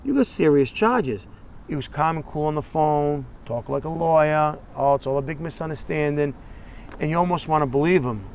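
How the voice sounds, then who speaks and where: A man's voice: on the high side, steady tone, a little fast, darkish tone, a little hiss or hum. A man in a documentary interview, bluntly telling a story and acting out both sides of phone calls.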